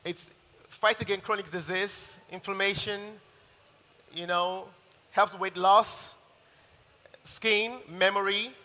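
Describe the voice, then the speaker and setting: A high, very bright male voice belongs to a chef who talks his audience through a recipe as he cooks. His enthusiasm comes through, and a long hall reverb trails behind him. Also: fairly even intonation, takes it slowly. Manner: enthusiastic, talks while cooking. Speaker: chef giving a cooking demonstration. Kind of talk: live cooking demonstration. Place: large hall at a live event.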